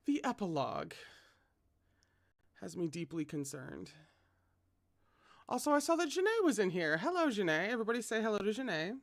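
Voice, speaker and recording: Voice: mid-range voice, very animated, measured pace, vocal fry, pauses often, no room sound, studio quality. A fan reader reading a novel aloud, with chatty asides to viewers. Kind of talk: casual read-aloud of a novel.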